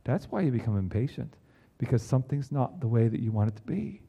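A man preaching a sermon in an earnest way, with emphatic rises and quiet low drops. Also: very animated, fast, vocal fry, slightly rough, muffled recording. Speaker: pastor.

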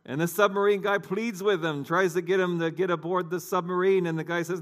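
Male pastor, conversational storyteller, a bit higher-pitched, talks straight to the congregation. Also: steady tone, a little fast, hardly any pauses. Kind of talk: sermon.

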